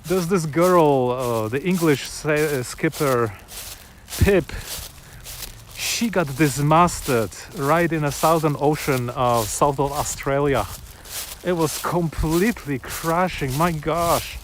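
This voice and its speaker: A man's voice: a little high, slow, a little hiss or hum. A man chatting casually and enthusiastically, rambling with restarts and small chuckles, outdoors on a sunny afternoon. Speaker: vlogger. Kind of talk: casual chat to camera.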